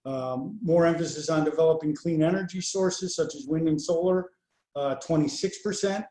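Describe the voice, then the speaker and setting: A man presenting poll results over slides in a measured way, with many fillers between the figures. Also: on the high side, fairly even intonation, dark tone, roomy sound. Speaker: pollster presenting survey results.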